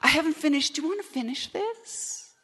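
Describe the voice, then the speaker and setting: A woman voicing an excited, naive first woman, chattering breathlessly. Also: sits high, brisk, pitched above the performer's own voice.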